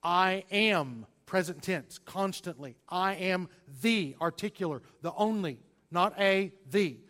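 A man preaching a sermon, stressing single words and swinging between loud and quiet delivery. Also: high-pitched, takes it slowly. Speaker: pastor.

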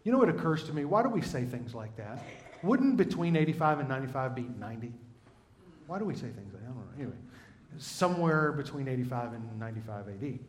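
A man's voice: mid-range voice, sing-song, fast. A man preaching a sermon, talking in a conversational way and turning often to the congregation. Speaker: pastor. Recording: roomy echo.

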